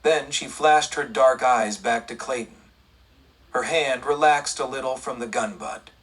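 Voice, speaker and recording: Brief: male audiobook narrator, western story, husky voice, mic set back. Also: medium pitch, unhurried, fairly bright tone, recorded from a distance, low-quality recording.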